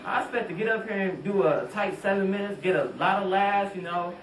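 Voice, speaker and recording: A man's voice: high voice, fairly quick, fairly bright tone. A man and stand-up comedian talking easygoingly and reflectively in an interview about performing. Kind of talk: backstage interview. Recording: roomy sound, distant mic, crowd noise.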